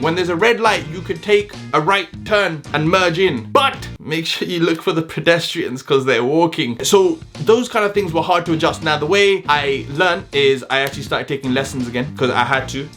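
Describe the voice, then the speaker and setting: Chatty London man vlogging. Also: a little high. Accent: London English. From London, England. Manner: chatty, with loud whooping exclamations. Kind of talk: casual talk to camera.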